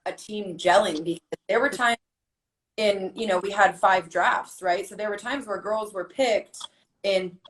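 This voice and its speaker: A woman softball player chatting casually and asking friendly, curious questions. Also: mid-range voice, measured pace, slight background noise, poor audio. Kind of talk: casual chat.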